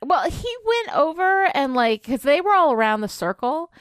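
A woman's voice: high-pitched, moderate pace, dry recording, studio quality. A woman co-hosting a podcast, chatting casually and critiquing an episode with lots of fillers. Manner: animated, many fillers. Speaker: podcast co-host. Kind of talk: casual chat.

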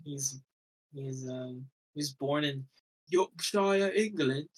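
Male podcast co-host, casual film chat, teasing and giggly, halting restarts, mid pitch. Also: fairly even intonation, breathy edge, poor audio.

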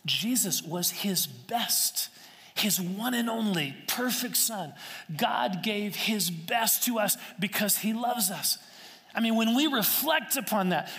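A man's voice: high voice, sharp tone. A man preaching as a pastor, earnest and conversational, often repeating phrases and restarting sentences. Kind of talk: sermon. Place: church sanctuary. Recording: long echo of a large hall.

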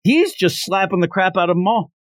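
A man hosting a podcast, casually retelling a manga story with animated asides. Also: high voice, brisk, dry recording. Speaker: podcast host.

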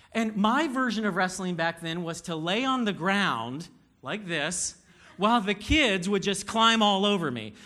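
A man's voice: high-pitched, fairly bright tone. A man in his thirties preaching a sermon, telling candid, self-deprecating stories to his congregation. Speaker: pastor.

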